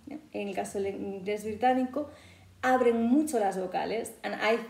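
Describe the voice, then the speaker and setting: A woman's voice: mid-range voice, vocal fry, a little mellow. A woman from Spain with a Spanish accent, coaching English pronunciation in a loose, chatty way full of "you know". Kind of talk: casual teaching talk. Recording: echoey room.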